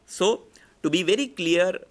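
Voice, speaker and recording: A man with an Indian English accent giving a public speaking lecture, explaining slowly and repeating example sentences with shifting emphasis. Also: sits high.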